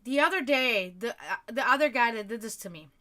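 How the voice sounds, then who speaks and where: A woman's voice: a little high, expressive, sharp tone. A European woman hosting a livestream, ranting heatedly with lots of swearing in casual talk. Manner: profane, heated, fast ranting. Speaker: livestream host.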